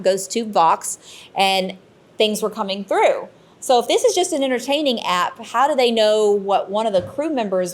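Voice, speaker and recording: A woman, a paranormal investigator telling animated stories on a convention panel and acting out the quotes. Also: mid-range voice. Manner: animated storyteller, acts out quotes.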